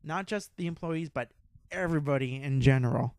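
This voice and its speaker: A young man hosting a podcast, telling a rambling, excitable story with a lot of swearing and laughter. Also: fairly high pitch, fairly quick, no echo. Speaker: podcast host. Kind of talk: casual storytelling.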